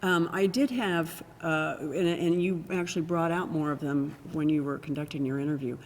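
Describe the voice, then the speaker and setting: A woman's voice: sits low, normal speed, big-room sound, slight background noise. An older woman, a former state legislator, telling anecdotes in an oral history conversation and often breaking into laughter. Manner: warm anecdotal storytelling, bursts of laughter.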